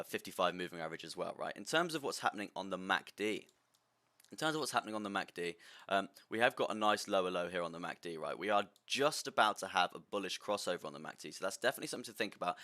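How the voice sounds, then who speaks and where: Fast, low-voiced man analyzing charts. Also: pushed and bright. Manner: halting, repeats words, keeps adding "right?". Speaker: crypto streamer. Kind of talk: live stream chart analysis.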